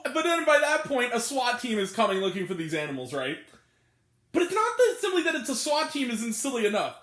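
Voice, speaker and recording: A woman's voice: on the high side, huge pitch swings, brisk, fairly bright tone, roomy sound. A woman reviewing a movie in a casual rant, incredulous, often laughing and swearing freely. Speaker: film reviewer.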